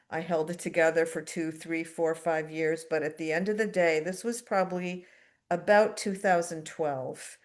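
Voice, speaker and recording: A middle-aged woman from the United States giving a candid, self-deprecating personal recovery share at a twelve-step meeting, with fillers and wry asides. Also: on the low side.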